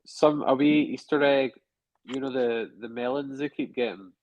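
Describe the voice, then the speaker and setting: A man's voice: medium pitch, normal speed, darkish tone. A man co-hosting a casual review podcast, chatty and hedging as he thinks aloud. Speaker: podcast co-host. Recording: dull lo-fi dry sound.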